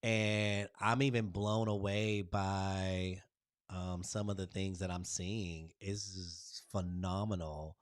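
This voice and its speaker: A man's voice: deep voice, little pitch movement, slow, no echo. Chatty gushing man, dry close sound. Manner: chatty, gushing, playful asides to viewers. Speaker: design tutorial host. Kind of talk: casual screen-share tutorial.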